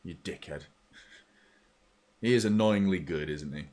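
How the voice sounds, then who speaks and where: Sweary football fan commentating. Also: male voice, low-pitched, measured pace, darkish tone. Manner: blunt, sweary fan chatter mixed with play-by-play. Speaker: fan channel host. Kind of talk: live match watchalong commentary.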